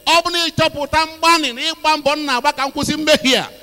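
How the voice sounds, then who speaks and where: A man with an Igbo accent interpreting a sermon line by line, quick and forceful. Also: very high voice, steady tone. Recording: echoey hall.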